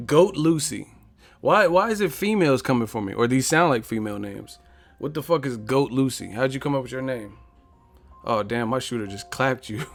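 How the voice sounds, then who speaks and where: Guy hosting a boxing livestream, swears a lot, clowns on commenters, mid-pitched voice. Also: moderate pace, faint music behind. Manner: profane, joking, trash-talks chat; reads viewer comments aloud. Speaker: boxing live stream host. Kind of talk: casual live stream chat.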